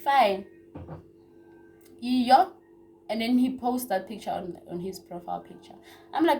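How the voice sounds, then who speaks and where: Young woman vlogger, a bit high-pitched, chatty storyteller who repeats herself and drops to hushed asides. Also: expressive, measured pace, long pauses, soft background music. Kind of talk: casual story time.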